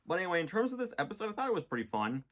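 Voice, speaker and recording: A man's voice: high voice, very animated, racing, a bit bright. A man talking casually about cartoon episodes he watched, rambling and joking with lots of fillers. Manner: rambling, jokey, many fillers. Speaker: vlogger reviewing a cartoon series.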